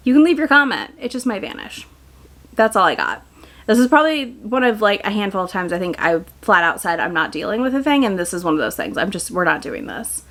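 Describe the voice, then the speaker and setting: A woman's voice: medium pitch, big pitch swings, brisk, fairly bright tone. A woman making a commentary video, talking candidly and firmly, setting ground rules and then laying out a timeline. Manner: firm, candid, chatty with fillers. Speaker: book YouTuber.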